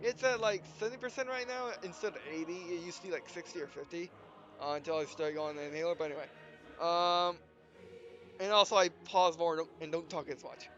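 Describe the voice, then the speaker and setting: Out of breath young guy, high voice, rambling about a game, dull lo-fi mic w faint music. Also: steady tone, fairly bright tone. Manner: rambling, halting, restarts often. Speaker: let's play host. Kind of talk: casual gameplay commentary.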